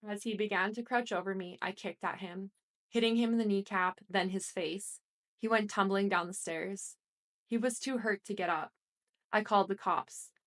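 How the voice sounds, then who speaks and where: A woman reading a first-person story aloud as an audiobook narrator, in a plain, steady manner. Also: mid-range voice, moderate pace.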